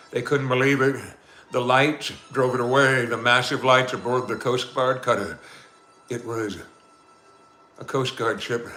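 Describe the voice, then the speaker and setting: A man's voice: on the low side, sharp tone, slight background noise. A man hosting a live stream, telling a suspenseful story with dramatic narration and chatty asides to his viewers. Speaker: storyteller and channel host.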